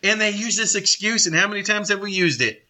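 A middle-aged man leading a Bible study, blunt and confrontational, with quick asides to his group. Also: high-pitched, bright, forceful tone. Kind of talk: forceful Bible study teaching.

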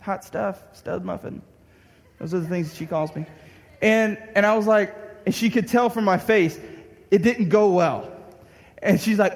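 A young man telling a story as a sermon, acting out his own frustration with bursts of shouting. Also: sits high, measured pace. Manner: animated, acts out his own anger with shouts. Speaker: pastor. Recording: long hall reverb.

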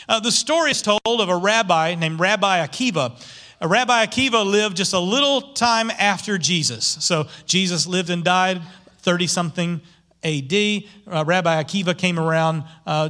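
A middle-aged man preaching from the pulpit in a bright, high voice. He is animated and keeps asking his congregation rhetorical questions. His tone is forceful and lively. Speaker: pastor. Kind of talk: sermon.

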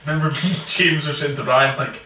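A man's voice: fairly high pitch, fast talker, sharp tone, slight background noise. A young Scottish man chatting casually and telling funny stories, laughing often. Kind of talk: casual chat. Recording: echoey room, picked up from a distance.

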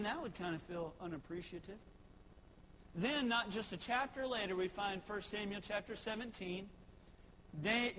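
High-voiced preacher in a hall. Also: male voice, fairly bright tone, slight background noise. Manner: storytelling, conversational with acted quotes. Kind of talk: sermon.

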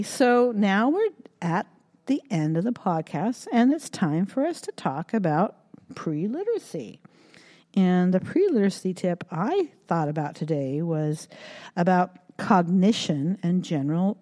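A woman's voice: lowish voice, big pitch swings, measured pace, warm tone, long reverb tail. A woman hosting a children's podcast, reading a story with playful sound effects, then giving tips to parents.

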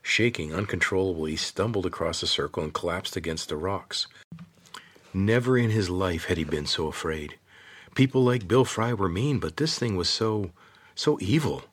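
Audiobook narrator: man, deep, husky, steady storytelling pace. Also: moderate pace.

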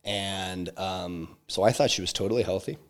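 Deep-voiced man telling a personal story. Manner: halting, many restarts and fillers. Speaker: interview guest, entrepreneur.

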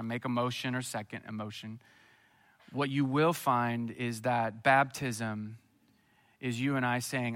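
A man from Missouri preaching a sermon, telling a personal story and then building to an emphatic, lively appeal. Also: mid-range voice. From Missouri, USA. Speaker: pastor.

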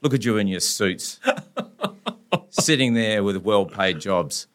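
A man putting on the voice of a brash, aggressive male lawyer who scolds loudly and with emphasis. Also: fairly low pitch, takes it slowly. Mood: indignant.

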